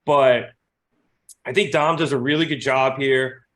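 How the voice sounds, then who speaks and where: A man co-hosting a casual podcast, animated and quick to laugh, swearing casually. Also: medium pitch. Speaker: podcast co-host. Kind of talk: casual chat.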